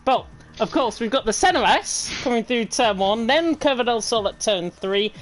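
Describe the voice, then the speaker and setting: A woman's voice: on the high side, animated, moderate pace, rough recording. A woman with a Northern English accent giving chatty, self-deprecating live commentary on a racing league. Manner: chatty, self-deprecating, fluent reading of standings. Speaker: race commentator.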